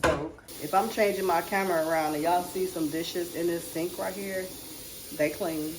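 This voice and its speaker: A woman's voice: lowish voice, fairly even intonation, moderate pace, echoey room, noisy background. A woman vlogger and mother, chatting casually and confidingly to her viewers while she cleans and cooks at home. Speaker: lifestyle vlogger, mother and wife. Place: home kitchen.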